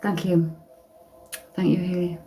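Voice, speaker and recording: Woman psychic, lowish voice, unhurried, chatty and blunt, live reading. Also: level tone, mellow, slight background noise, rough recording. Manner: chatty, blunt, swears casually. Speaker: psychic medium. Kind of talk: casual live-stream tarot reading.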